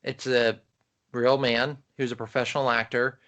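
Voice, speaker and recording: Man, podcast co-host, casual chat, animated, enthusiastic, middle pitch. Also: normal speed. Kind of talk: casual chat about films.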